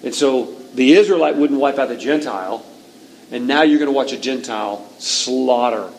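A man preaching a sermon, reading scripture and retelling it with lively, acted-out lines. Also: mid-range voice, slight background noise, poor audio. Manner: animated storytelling, reads scripture aloud, acts out shouts. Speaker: pastor.

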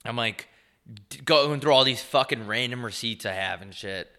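A man with a congested, nasal voice chats loosely on a podcast, rambling through jokes and swearing freely. His tone is bright and forward, and his pitch sits mid-range. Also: normal speed. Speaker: podcast co-host. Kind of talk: casual chat.

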